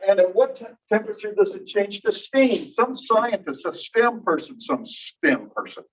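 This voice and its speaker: A man's voice: high voice, very animated, normal speed, husky. A man teaching a class, explaining ideas step by step and asking the students questions. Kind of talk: classroom lecture. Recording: distant, dull room recording.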